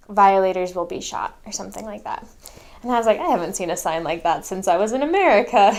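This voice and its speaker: Young woman telling a funny missionary story, amused and casual. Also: medium pitch.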